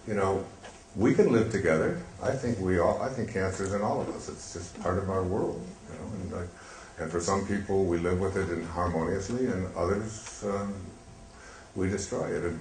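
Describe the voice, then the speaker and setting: An older man telling a story on stage in a gentle, reflective way, pausing with fillers. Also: sits low. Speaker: speaker on stage. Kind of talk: storytelling talk. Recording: echoey hall, faint hiss.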